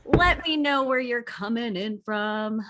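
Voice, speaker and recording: A woman hosting a video call, warmly greeting attendees by name in a bubbly way. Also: a little high, measured pace. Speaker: webinar host. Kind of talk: welcoming a video call audience.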